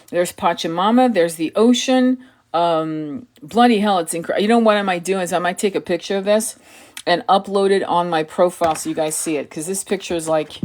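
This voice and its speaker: Effusive woman tarot host on a live stream, somewhat low voice, quick to praise. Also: darkish tone. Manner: effusive, gushing, repeats "beautiful". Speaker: tarot reader and spiritual guide hosting a live session. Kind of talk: live-stream tarot reading with chat replies.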